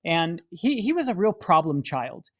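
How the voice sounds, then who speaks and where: A man who directs a film studio shares his personal faith testimony with earnest storytelling, frequently restarting sentences and acting out quotes dramatically. His fairly high voice is very animated and a little slow.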